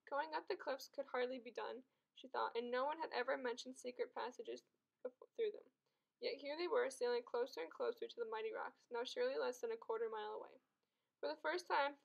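A woman reading a novel aloud as narrator, steady, with small slips she corrects. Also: sits high, a little fast, gravelly, muffled recording. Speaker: audiobook reader. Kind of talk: storybook read-aloud.

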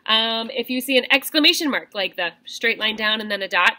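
Bright, animated woman teaching young readers. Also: on the high side, brisk. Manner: animated, sing-song classroom delivery. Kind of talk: teaching a reading lesson to young children.

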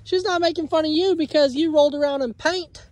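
A homestead vlogger films himself outdoors by the dog pen, coaxing his dogs in playful baby talk. His voice is very high-pitched and steady, a little fast, and the recording is dry.

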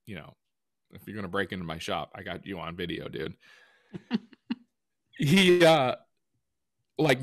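A man co-hosting a podcast in casual chat, telling stories with lively retellings. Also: medium pitch, dry recording, studio quality. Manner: animated storyteller who acts out quotes. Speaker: podcast co-host and woodworker.

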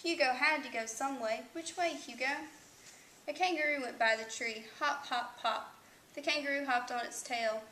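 Woman narrator for a picture book read-aloud; high, gravelly voice, roomy echo. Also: moderate pace, pushed and bright, a little hiss or hum. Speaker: children's book reader.

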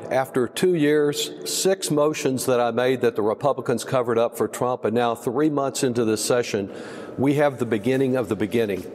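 A man's voice: mid-range voice, darkish tone. A man from Texas, a congressman, answering a news interview in a pointed, emphatic way with many fillers. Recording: long reverb, faint background noise.

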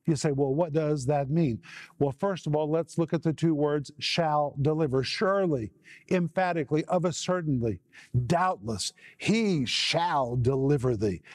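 A man's voice: a little high, normal speed, darkish tone, dry recording, clean studio sound. A man delivering a televised Bible teaching, stressing key words by repeating them. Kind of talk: televised sermon.

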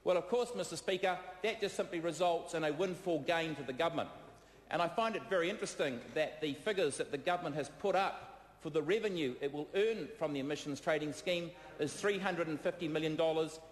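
A man with a New Zealand accent giving a parliamentary debate speech, combative and halting, with many fillers, repeated phrases and replies to hecklers. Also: on the high side. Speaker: member of parliament. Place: debating chamber. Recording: echoey chamber with long reverb.

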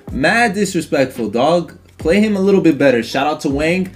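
A man's voice: animated, normal speed, few pauses, faint music behind. Slangy man commentating his own gameplay. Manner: talks to himself and his opponent, muttering low then yelling high; slangy and casual. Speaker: gaming streamer.

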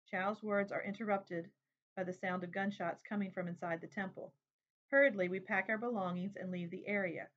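A woman reading a memoir aloud in a steady, plain, unhurried way. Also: mid-range voice. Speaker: reader. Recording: dull lo-fi recording.

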